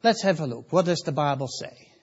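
A man's voice: fairly high pitch, expressive, brisk, breathy edge. A man preaching a sermon, emphatic, repeating key words and putting questions to his listeners. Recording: dull lo-fi sound.

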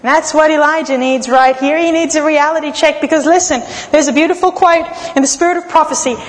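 A woman preaching a sermon, telling stories expressively and slowing down for dramatic pauses. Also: high-pitched, steady tone. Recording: long reverb of a large hall.

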